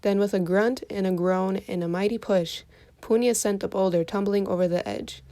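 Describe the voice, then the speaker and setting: A woman reading a folktale aloud for children in an expressive storytelling voice. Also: medium pitch, normal speed.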